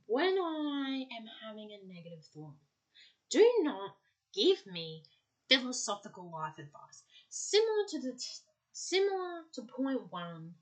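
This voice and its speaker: A woman hosting a solo podcast, ranting and lecturing with exasperation, tagging lines with a pointed "okay?". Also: a little high. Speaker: podcast host. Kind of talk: solo monologue to listeners.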